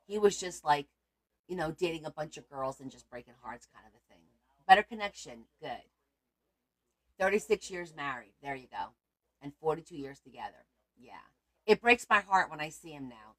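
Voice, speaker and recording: A woman hosts a casual crafting livestream from home. She chats freely with her viewers as she shows her work, in a voice a touch low in pitch. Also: fairly bright tone.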